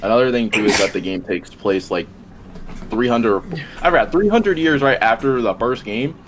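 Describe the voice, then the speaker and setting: A man's voice: medium pitch, animated, moderate pace, fairly bright tone, slight background noise. A man making a rambling, repeating case in a casual debate over a voice call. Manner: rambling, repeats and restarts while arguing.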